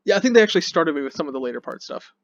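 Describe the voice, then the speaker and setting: A podcast cast member chatting casually with quick, wry remarks, on a dull lo-fi mic. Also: mid-range voice, very animated, vocal fry. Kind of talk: casual chat.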